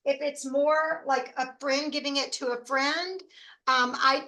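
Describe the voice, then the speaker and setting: A woman hosting a casual how-to presentation, chatty and enthusiastic with rambling asides, a little hoarse from talking. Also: high-pitched, fairly even intonation, a little slow, bright, forceful tone. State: losing her voice. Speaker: host.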